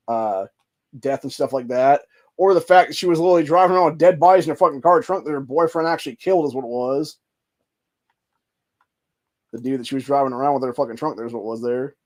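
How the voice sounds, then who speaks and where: A man hosting a podcast, rambling in casual commentary with lots of swearing and filler phrases. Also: medium pitch. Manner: rambling and profane, full of fillers. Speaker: podcast host.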